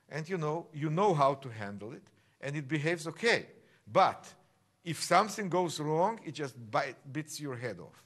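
An older man teaching a piano masterclass, explaining at length and singing phrases aloud to his student. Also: fairly high pitch. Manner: animated, sings phrases and shouts encouragement. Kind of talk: masterclass coaching.

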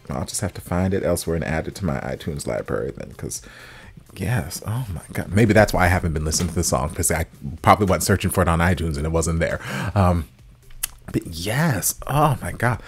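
A man hosting a music reaction video, chatting casually and gushing with animated swings, sometimes whispering. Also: low-pitched, vocal fry, breathy edge.

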